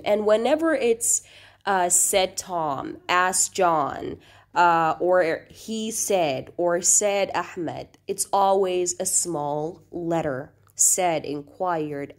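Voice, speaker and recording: A woman teaching a recorded grammar lesson, explaining patiently and often checking in with the class. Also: fairly low pitch. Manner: reads quoted sentences in a lifted, acted-out voice.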